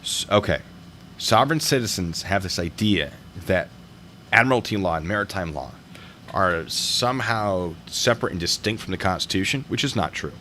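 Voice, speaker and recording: Reviewing traffic stop videos, this host talks in a relaxed way and keeps veering off into jokes. His voice is low and expressive at a normal speed, sounding pushed and bright, with slight background noise.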